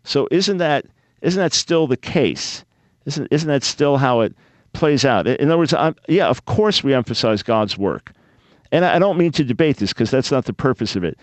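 A man's voice: medium pitch, expressive, normal speed, no room sound. A man hosting a radio call-in show, putting earnest, probing questions to callers with frequent restarts.

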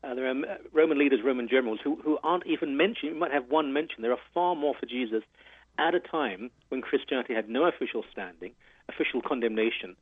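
British male guest author, earnest and measured, husky voice, dry phone-line sound. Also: mid-range voice, no room sound. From England. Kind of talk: radio interview.

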